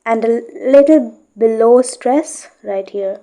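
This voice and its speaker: Soft-voiced woman teaching pronunciation, slow. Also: a little high. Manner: reads a passage aloud, then explains it, with frequent "okay?" checks. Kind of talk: explaining from a book page.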